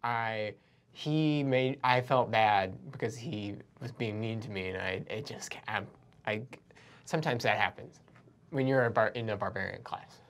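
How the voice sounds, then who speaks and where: A man's voice: fairly low pitch, moderate pace, noisy background, lightly acted. A man voicing a shy, awkward teenage barbarian boy in a tabletop game, stammering and apologetic.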